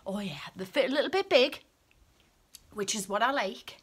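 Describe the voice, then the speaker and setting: A woman chatting on a casual vlog, excitable and cheeky, swinging between gushing and hushed asides. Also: high voice, takes it slowly, background noise. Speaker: vlogger.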